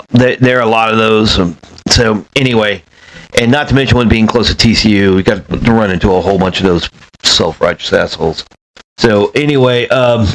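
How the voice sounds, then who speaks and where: A man's voice: lowish voice, fairly bright tone, poor audio. A man telling stories in a casual, rambling monologue, blunt and profane, with many fillers. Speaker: former self-storage manager.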